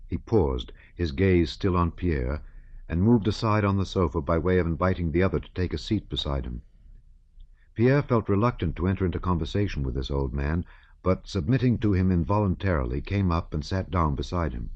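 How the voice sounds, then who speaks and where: A man narrating an audiobook in a measured, even reading style. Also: low voice, dry recording, dull audio.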